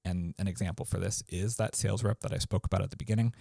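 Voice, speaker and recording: A man's voice: sits low, fast, creaky, slightly rough, no echo, studio quality. A man hosting his own podcast, talking casually with loose fillers. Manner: relaxed, loose, with offhand fillers. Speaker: podcast host. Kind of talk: casual solo podcast talk. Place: New Zealand.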